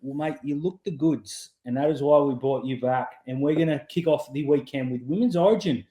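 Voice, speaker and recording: A man's voice: mid-range voice, a little fast, dark tone, roomy sound. An Australian man hosting a rugby league podcast, ranting with strong opinions in casual chat. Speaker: podcast host.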